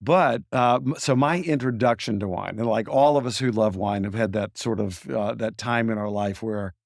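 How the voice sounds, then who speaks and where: A man's voice: lowish voice, normal speed, vocal fry, dry recording. A man in his sixties from Memphis with a Southern accent, telling stories as a winery owner in a studio interview. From Memphis, Tennessee. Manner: relaxed, reminiscing, easygoing. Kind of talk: storytelling interview answers.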